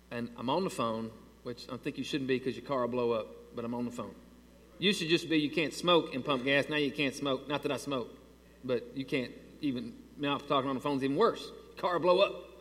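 A man preaching to his church, telling a story in an animated, exasperated way. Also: mid-range voice. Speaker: pastor. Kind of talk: sermon with a storytelling aside. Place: church sanctuary. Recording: long hall reverb.

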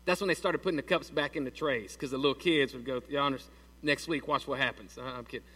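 A man's voice: medium pitch, steady tone, fast talker, bright, forceful tone, husky, recorded from a distance. A man preaching a sermon in a church in a folksy, conversational way and asking the congregation questions. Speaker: pastor.

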